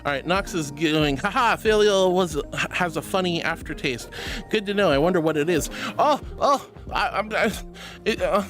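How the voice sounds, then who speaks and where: A woman's voice: lowish voice, moderate pace, fairly bright tone, faint music behind. A woman streamer in a casual live-stream chat, bubbly and affectionate, reading chat messages aloud and calling viewers sweetie and honey.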